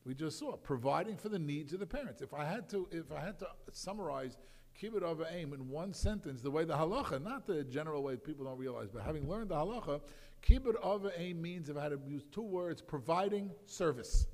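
Fast-talking man lecturing in a reverberant hall. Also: a little high. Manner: animated, acts out quoted voices, many fillers. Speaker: rabbi teaching a class. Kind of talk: Torah lecture.

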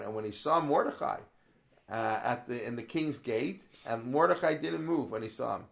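A mid-range, fairly bright voice with vocal fry and a moderate pace belongs to a religious studies teacher giving a Torah lesson. He's casual and conversational, quoting Hebrew verses, asking rhetorical questions, and often restarting or drifting off topic.

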